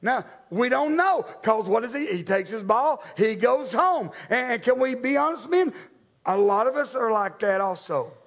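A man preaching a sermon as pastor, animated and talking straight to the congregation. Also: high-pitched. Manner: animated preacher, acts out voices, addresses men and ladies.

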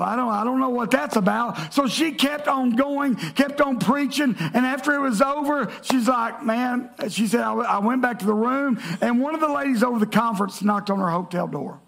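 A man's voice: very high voice, gravelly, fairly bright tone. A man preaching a sermon, telling stories and reading scripture aloud to a congregation. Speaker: pastor.

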